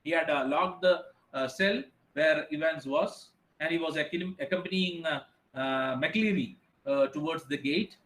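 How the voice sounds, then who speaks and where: A man's voice: on the high side, unhurried, fairly bright tone, echoey room, rough recording. A man teaching an online class, reading a story aloud and explaining it with frequent fillers. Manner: reads passages then explains with many fillers.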